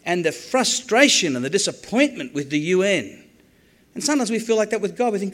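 High-voiced man preaching. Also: a little fast. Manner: animated, acts out quoted prayers, jokey asides. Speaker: preacher teaching on the Psalms. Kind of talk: sermon.

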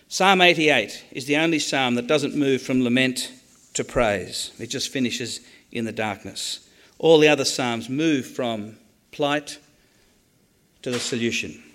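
Aussie guy giving a sermon, kinda high voice, animated, acts stuff out. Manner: animated, acts out quoted prayers, jokey asides. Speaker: preacher teaching on the Psalms.

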